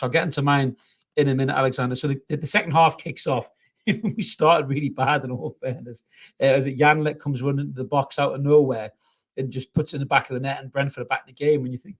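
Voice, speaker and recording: A man hosting a live football reaction stream. He talks bluntly and with real passion, swears often and reads out his viewers' comments as he goes. His voice sits at an everyday middle pitch. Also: steady tone, fast talker. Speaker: football fan channel host.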